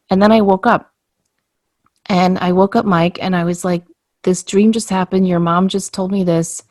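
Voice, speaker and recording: Recorded dry and clean in a studio, a fairly low-pitched woman shares a personal story on a casual podcast at a moderate pace. She brings the tale to life, performing the quoted lines as she goes.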